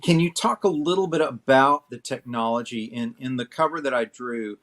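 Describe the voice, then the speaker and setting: A man's voice: medium pitch, moderate pace, a bit bright. A man moderating a casual panel, asking questions and reading out viewer comments. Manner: asks questions and reads out chat comments.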